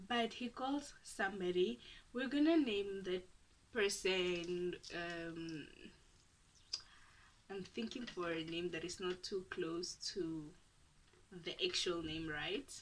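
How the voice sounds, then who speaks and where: A woman's voice: mid-range voice, bright, forceful tone. Chatty young woman telling a story. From Namibia. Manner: chatty and dramatic, laughing often at herself. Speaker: YouTuber. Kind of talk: casual storytime.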